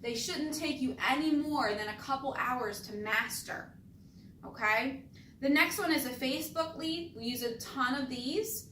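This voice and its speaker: A woman's voice: sits high, unhurried, bright, forceful tone, slight background noise. A woman teaching insurance appointment setting, acting out phone scripts and stressing key words on purpose. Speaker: insurance sales trainer. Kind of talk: training talk with demonstrated phone scripts. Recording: echoey room, voice from a distance.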